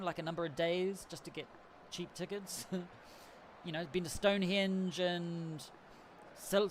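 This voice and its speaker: A man's voice: high-pitched, a little hiss or hum. A man from New Zealand hosting a casual livestream, telling a rambling travel story with frequent laughs. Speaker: livestream host. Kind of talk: casual chat.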